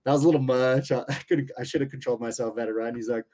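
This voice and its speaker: A man's voice: mid-range voice, steady tone, rapid-fire, dark tone. A man in his thirties, a fighter, telling a story in a casual interview, swearing freely and rambling with lots of fillers. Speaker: UFC lightweight fighter, interview guest. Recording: muffled lo-fi audio.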